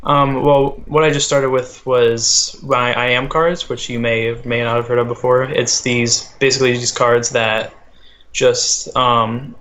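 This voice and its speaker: A teenage boy as a guest in a casual interview, talking haltingly with many fillers. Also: medium pitch, steady tone, a bit bright. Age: teens. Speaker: guest, small business owner.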